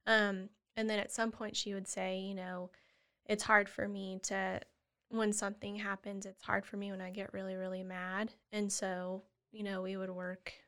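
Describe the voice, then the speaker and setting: A woman guest on a podcast, earnestly explaining how she supports children, often acting out gentle words to a child. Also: medium pitch, little pitch movement, moderate pace, smooth. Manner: earnest, acts out gentle parent dialogue. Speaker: guest, family therapist. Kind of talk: casual interview chat.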